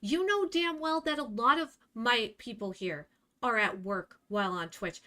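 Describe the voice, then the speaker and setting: A woman's voice: fairly high pitch, a little slow, sharp tone. Blunt, scolding young woman streamer. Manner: blunt, scolding, exasperated, swears. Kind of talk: live stream rant at chat.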